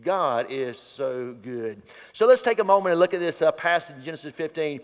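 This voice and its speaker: A male pastor preaching in a folksy, storytelling way, his fairly high voice carried by a long hall reverb. The sound is a little muffled, as if from an older church recording. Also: lively intonation, normal speed. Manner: folksy storytelling preacher, grows louder and livelier. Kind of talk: sermon.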